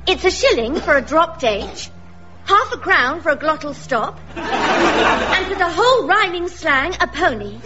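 A woman playing a brash Cockney wife touting for customers, loud and bawdy, in a radio comedy. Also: sits high, expressive, unhurried, muffled recording, loud music behind the voice, a loud crowd. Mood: saucy.

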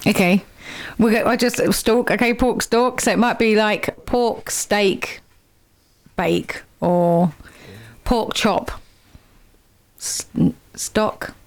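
A woman's voice: medium pitch, slow, long pauses. A woman hosting a local radio show, chatting casually, giggling often and explaining things at length. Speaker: radio host.

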